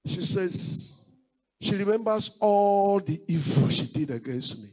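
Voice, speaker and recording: A man's voice: high-pitched, lively intonation, unhurried, darkish tone, rough recording. A male pastor preaching a sermon, building his points through repeated rising exclamations.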